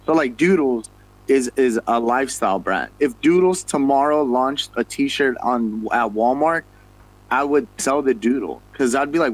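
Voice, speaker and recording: A man's voice: medium pitch, animated, moderate pace, rough recording. Earnest, rambling male speaker. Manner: earnest, rambling, self-correcting. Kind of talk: casual chat.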